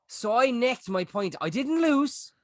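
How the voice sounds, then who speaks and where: A young Irish man co-hosting a podcast, telling a rowdy story in a casual, animated way with plenty of swearing. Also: very high-pitched, measured pace, no echo. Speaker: podcast co-host. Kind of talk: casual chat.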